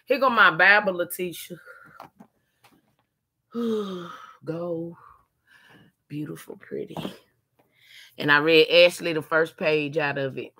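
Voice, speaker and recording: A woman's voice: on the low side, steady tone, slow pace, long pauses, bright, forceful tone. A middle-aged woman, chatting casually and laughing often with viewers on a live stream while she is tired.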